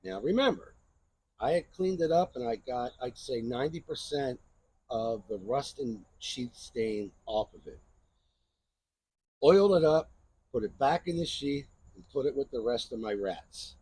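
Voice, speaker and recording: A man's voice: medium pitch, expressive, a little slow, darkish tone, husky. A man hosting a knife channel, chatting casually in a rambling show-and-tell review and often asking "right?".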